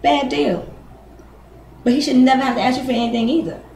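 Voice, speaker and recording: A woman's voice: sits high, a little fast, gravelly, a little mellow. A woman speaks, giving her niece frank advice. She is blunt and swears freely, acting out both sides of arguments. Her voice rings in an echoey room over a faint background hum. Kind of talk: casual advice talk.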